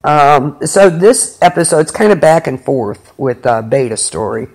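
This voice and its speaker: A man's voice: fairly high pitch, expressive, a little slow, darkish tone. A man hosting a podcast, recapping a show episode in a rambling, filler-heavy way. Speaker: podcast host. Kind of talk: casual episode recap chat.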